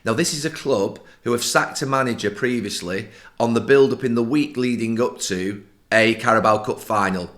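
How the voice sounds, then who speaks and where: A man's voice: mid-range voice, normal speed, fairly bright tone. A middle-aged man, co-hosting a football podcast, explaining tactics firmly and at length. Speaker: podcast co-host, football pundit. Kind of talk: casual football discussion.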